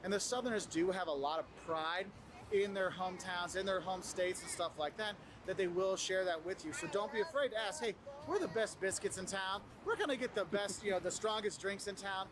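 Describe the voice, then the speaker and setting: A man presenting travel tips in casual advice to the camera, animated and acting out what other people say. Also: sits high, fairly quick, background noise. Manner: animated, acts out quoted people.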